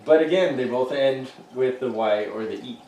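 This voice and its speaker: A middle-aged male podcast co-host rambles through jokey casual chat, laughing often. His medium-pitched, mellow voice comes at normal speed, recorded from a distance with a roomy off-mic sound and light noise.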